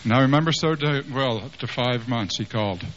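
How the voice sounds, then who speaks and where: A man in his fifties preaching through a personal story, animated and acting out the dialogue, with many restarts. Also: mid-range voice, a little fast. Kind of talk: storytelling sermon. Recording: slightly muffled with faint hiss.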